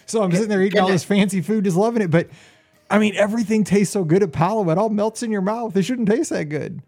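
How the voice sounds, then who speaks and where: A man and football coach, a podcast co-host, chatting casually with jokes and animated stories. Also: sits high, quick pace. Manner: jokey, animated storyteller, laughs often. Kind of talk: casual chat.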